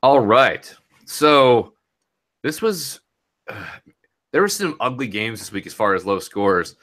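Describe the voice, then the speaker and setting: A man's voice: mid-range voice, very animated, slow, a bit bright. A young man talking casually and rambling a bit as he recaps a fantasy football week, laughing easily. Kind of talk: casual podcast chat.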